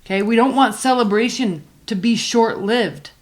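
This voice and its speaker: Chatty woman giving a tarot reading. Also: on the high side. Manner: chatty, emphatic, slows down to stress points. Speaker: tarot reader.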